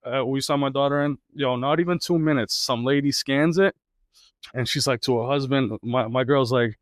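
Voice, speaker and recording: A man in his thirties co-hosting a podcast, chatting loosely and telling stories with lots of swearing and energy. His voice sits at an ordinary middle pitch. The sound is close and dry with little room echo. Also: normal speed. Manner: profane, animated storytelling. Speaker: podcast co-host. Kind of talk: casual chat. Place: indoor podcast setup.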